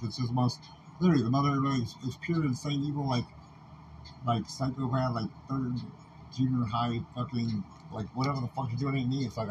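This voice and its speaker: Guy ranting fast, cursing nonstop, rambling all over, kinda muffled lo-fi sound. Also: medium pitch. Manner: agitated, cursing, rambling with constant fillers. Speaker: podcast host. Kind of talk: rambling profane monologue. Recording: muffled lo-fi recording with faint background noise.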